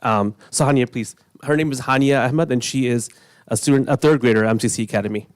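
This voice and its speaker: A man's voice: mid-range voice, clean tone, dry recording. Earnest emotional man at a podium, dry sound. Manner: earnest, emotional, halting with restarts. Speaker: resident speaking at public comment. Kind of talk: public comment at a village board meeting. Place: village board meeting room.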